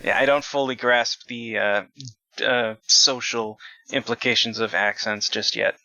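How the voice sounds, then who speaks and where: Bright wry man on a dull mic. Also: mid-range voice, fairly even intonation, measured pace, dry recording. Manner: wry, quips, hesitant. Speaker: podcast co-host. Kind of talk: casual discussion podcast. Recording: dry, muffled lo-fi mic.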